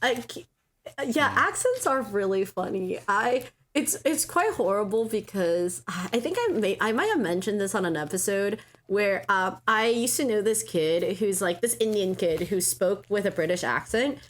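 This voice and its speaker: A woman's voice: mid-range voice, expressive, normal speed. Rambling woman podcast co-host. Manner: rambling, many fillers and restarts. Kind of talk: casual chat.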